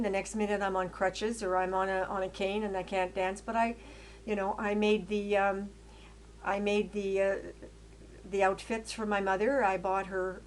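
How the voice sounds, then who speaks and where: An older woman from Canada narrating her life story over photos in a rambling way, with many fillers and restarts, growing loud and emphatic as she gets indignant. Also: medium pitch, slight background noise. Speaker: autobiographical storyteller.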